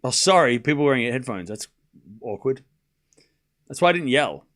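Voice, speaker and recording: A man's voice: medium pitch, expressive, moderate pace, a bit bright. Chatty man calling tennis play-by-play. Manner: joking, chatty, answers viewers' chat. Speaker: streamer commentating a live tennis match. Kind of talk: casual watchalong play-by-play.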